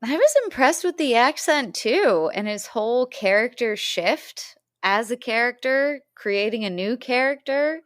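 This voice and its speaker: A woman's voice: a little high, expressive, measured pace, few pauses, no room sound, studio quality. A woman co-hosting a film review podcast, talking casually and thinking aloud. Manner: conversational, thinks aloud with fillers. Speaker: podcast co-host.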